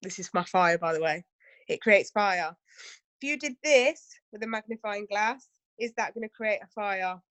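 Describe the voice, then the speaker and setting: A woman's voice: medium pitch, moderate pace, a bit bright, dry recording. A woman running a casual training session for her team, chatty and full of asides and rhetorical questions.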